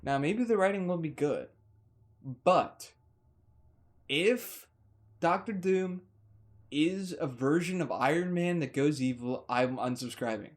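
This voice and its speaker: Excitable man rambling through a review. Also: a little high, takes it slowly, long pauses. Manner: excitable, gushing, rambles with restarts and mild swearing substitutes. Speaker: movie reviewer. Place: indoors, warm room.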